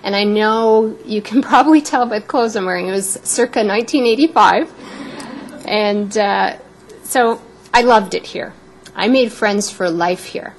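A woman in her fifties from Canada giving a prepared, personal speech as a guest speaker, warm and a little emotional. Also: medium pitch, measured pace, slight background noise, low-quality recording.

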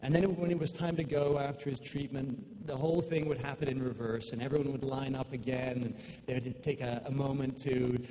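A man speaking at his father's memorial, halting, with many fillers and restarts. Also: mid-range voice, steady tone, warm tone. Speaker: son giving a eulogy. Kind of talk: memorial speech. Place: large hall with long reverb. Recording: echoey hall, faint room noise.

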